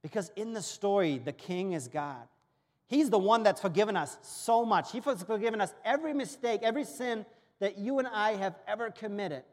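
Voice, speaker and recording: A man's voice: high-pitched, expressive, moderate pace, a little mellow. A man from Germany preaching a sermon in a church, telling a parable earnestly and acting out its dialogue. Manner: storytelling with acted-out dialogue, earnest. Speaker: pastor. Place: church auditorium. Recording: long reverb of a church hall.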